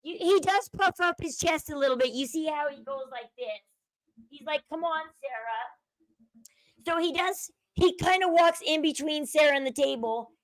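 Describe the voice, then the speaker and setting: High-voiced chatty woman commentator. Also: normal speed, no echo, poor audio. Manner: chatty, speculative, drops to a low murmur when quoting others. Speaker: commentary channel host. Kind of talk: casual commentary over a video clip.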